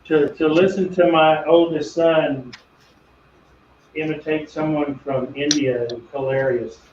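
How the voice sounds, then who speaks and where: A middle-aged man with a slightly high voice chats casually while working, drifting into rambling, self-deprecating stories. He sounds distant from the mic in an echoey home workshop. The audio is dull and muffled with a faint steady hum underneath. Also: unhurried. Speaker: woodworking channel host.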